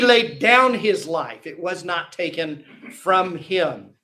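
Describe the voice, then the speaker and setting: High, bright-voiced preacher acting out scenes. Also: male voice, expressive, fairly quick, hardly any pauses. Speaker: pastor. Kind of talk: sermon. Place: church.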